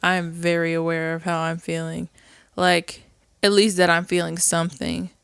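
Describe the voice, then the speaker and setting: A woman's voice: fairly low pitch, level tone, normal speed, creaky, a bit bright, smooth, no room sound, clean studio sound. A woman co-hosting a podcast, talking openly and casually about feelings and playing out little remembered exchanges. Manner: open and emotional, acts out little quoted exchanges. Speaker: podcast co-host. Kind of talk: casual chat.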